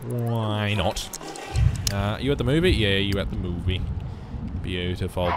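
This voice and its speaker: A young man giving casual let's play commentary, muttering through menu choices with sudden loud bursts of excitement. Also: deep voice, normal speed. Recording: noisy background with game rain.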